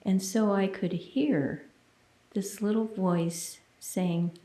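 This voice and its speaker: A woman minister giving a sermon as a personal testimony. She tells it in an earnest, intimate way and sometimes drops to a hushed near-whisper. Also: medium pitch, fairly even intonation, takes it slowly. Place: church sanctuary. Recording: roomy, echoey sound.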